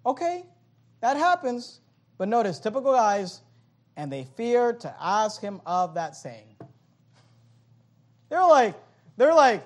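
A man preaching a sermon in numbered points, animated and joking, acting out the voices of others in asides. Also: very high voice, slow, pauses often. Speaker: pastor.

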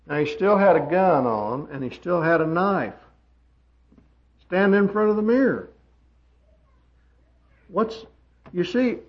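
A man preaching a sermon, swinging from loud emphatic peaks down to quiet asides. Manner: emphatic, rising to loud high peaks then dropping quiet. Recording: dull lo-fi sermon recording.

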